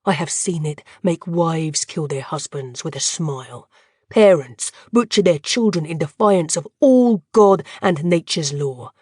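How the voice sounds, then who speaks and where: A woman voicing a wounded young male captain who speaks in a halting, trembling way. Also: low voice, animated, mellow, husky, dry recording, exaggerated voice. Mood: grave. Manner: halting, trembling, stammering delivery.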